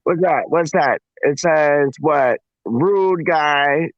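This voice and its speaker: A man's voice: on the high side, extremely slow, no echo, lo-fi sound. A man from Canada chatting as a guest on a live stream, playful and full of slang. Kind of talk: casual live stream chat.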